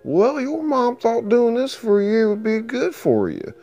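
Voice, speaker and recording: A man's voice: extremely high pitch, huge pitch swings, a little slow, dark tone, muffled recording, soft background music, voice pushed up, exaggerated voice. A man voicing a tough veteran dockworker who ribs newcomers with crude jokes. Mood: teasing. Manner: ribbing, crude joking. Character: teasing veteran male dockworker, tough and gruff.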